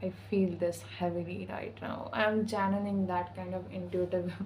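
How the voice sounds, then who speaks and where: A woman's voice: fairly low pitch, flat delivery, moderate pace, darkish tone, a little hiss or hum, low-quality recording. A woman channeling intuitive spiritual messages in a casual vlog, slangy, sassy and full of swearing. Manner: slangy, profane and sassy, with frequent "okay?".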